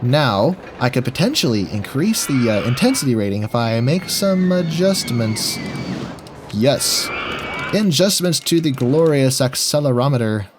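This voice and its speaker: A man's voice: medium pitch, very animated, a little slow, noisy background. A man giving goofy, jokey gameplay commentary while talking to himself as he plays. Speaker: gaming video host.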